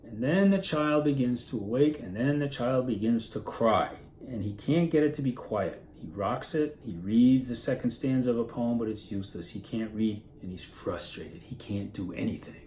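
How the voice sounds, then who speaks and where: A man at a middling pitch teaching literature in a relaxed, conversational way, often tossing rhetorical questions to the class. The recording is roomy and echoey, with a faint hum of background noise underneath. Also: moderate pace, hardly any pauses. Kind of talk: casual classroom lecture.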